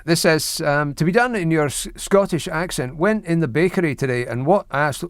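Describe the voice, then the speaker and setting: A man's voice: fairly high pitch, normal speed, hardly any pauses, no echo, clean studio sound. A middle-aged man hosting a late-night radio phone-in, reading listener emails and going off on wry, mock-indignant rants full of hesitant restarts. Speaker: radio talk show host. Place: radio studio. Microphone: studio microphone.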